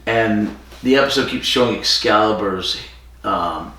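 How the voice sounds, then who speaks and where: A man's voice: on the low side, measured pace, pushed and bright. A man co-hosting a podcast, casually retelling a story with fillers and quoted lines. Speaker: podcast co-host. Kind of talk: casual chat. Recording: echoey room from far off.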